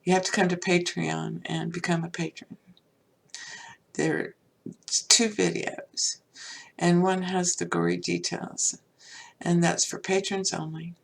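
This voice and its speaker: Older woman with a gravelly, husky voice. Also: lowish voice, flat delivery, slow, long pauses. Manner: rambling, heartfelt, many fillers. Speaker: podcast host. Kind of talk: personal spiritual talk.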